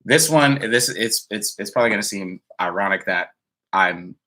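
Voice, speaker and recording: A man with a lowish, sharp-toned voice speaks at a moderate pace and with animation while live streaming from home. He chats loosely, replies to viewer comments, leans on many fillers, and sounds slightly tired.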